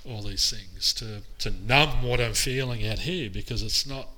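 Male podcast co-host, very bright tone, candid and self-reflective. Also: fairly low pitch, a little slow, rough recording. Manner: reflective, open, self-searching. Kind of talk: casual chat.

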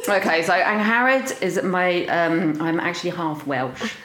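A woman with a South London accent, chatting as a podcast guest, playful and quick to laugh. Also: lowish voice, a bit bright, reverberant, rough recording. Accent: South London English. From South London, England. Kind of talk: casual chat.

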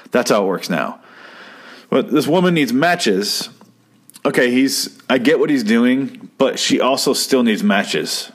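At a moderate pace and with lively intonation, a mid-pitched man riffs on an old television episode. His review is loose and profane, full of sarcasm and tangents, and he acts out the dialogue he quotes.

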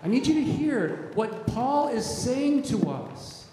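A man's voice: very high-pitched, big pitch swings, takes it slowly, dark tone, slight background noise. A man preaching a sermon as pastor, emphatic and repetitive, often restarting his words. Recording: echoey hall, strong reverb.

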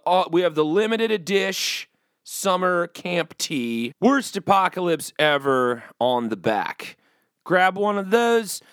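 A man's voice: fairly high pitch, fairly bright tone, dry recording, studio quality. A man hosting his comedy podcast, rambling in a self-mocking way and hungover. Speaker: podcast host. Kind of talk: casual comedic podcast chat.

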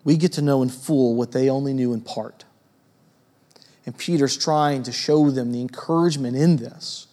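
A man preaching a sermon in a church, conversational and lively, with a storytelling manner and frequent asides to his listeners. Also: mid-range voice, moderate pace. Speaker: pastor.

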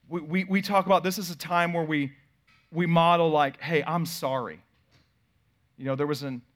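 A pastor in his thirties telling a family story in a sermon, swinging from loud bursts to quiet asides. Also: a little high.

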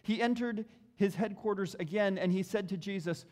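A man preaching an expository sermon, reading scripture dramatically with emphatic bursts and slow pauses. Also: high voice, darkish tone, big-room sound.

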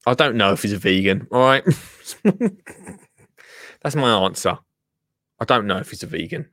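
A man's voice: on the low side, expressive, normal speed, a bit bright, no echo, clean studio sound. Chatty man hosting a livestream. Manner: chatty, laughs often, mutters and trails off while using the computer. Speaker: livestream host. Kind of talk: casual live-stream chat.

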